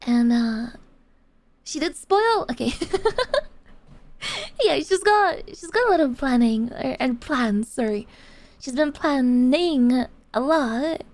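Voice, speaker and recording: This VTuber, a young woman, has a high, darkish voice and keeps things casual with her viewers. Gamer slang and plenty of cursing fill her talk as she bounces from giggling to ranting.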